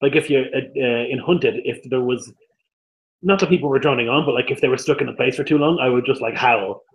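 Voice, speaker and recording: A man's voice: mid-range voice, fast, low-quality recording. A man co-hosting a casual live-stream chat, laid-back, laughing often and swearing casually. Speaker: co-host.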